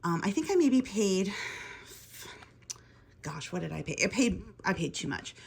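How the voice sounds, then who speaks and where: A woman's voice: mid-range voice, big pitch swings, measured pace, vocal fry, slight background noise. A woman vlogging casually from her home kitchen, rambling and thinking aloud as she talks. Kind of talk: casual home vlog chat.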